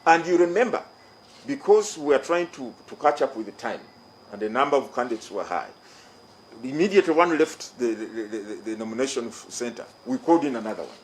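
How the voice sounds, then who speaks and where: A middle-aged man with a Ugandan English accent delivers an official statement to reporters. His voice sits at an ordinary pitch and he speaks in a measured, formal way, stressing his points by saying them again. A faint hiss runs underneath. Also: lively intonation, poor audio. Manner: formal, emphatic, repeats key phrases. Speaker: electoral commission chairman. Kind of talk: press conference statement.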